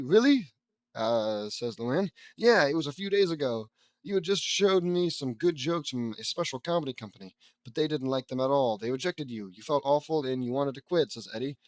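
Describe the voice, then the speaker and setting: A young man reading a fan fiction audiobook aloud, stumbling over words and mocking the text in casual asides, louder on character lines. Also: mid-range voice, dry recording. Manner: flat tags, bursts louder on character lines.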